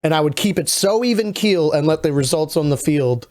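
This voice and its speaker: Earnest male podcaster, slightly high voice. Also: lively intonation, a little fast, darkish tone. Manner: earnest, confessional venting. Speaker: podcast co-host. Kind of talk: casual sports podcast chat.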